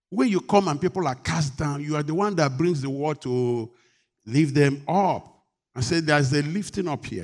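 A middle-aged man preaching a sermon, moving from quiet talk to loud rebuke. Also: fairly high pitch. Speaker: pastor.

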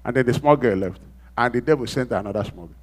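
A man preaching a sermon, dramatically acting out quoted voices and swinging from loud exclamations to hushed asides. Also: mid-range voice, quick pace.

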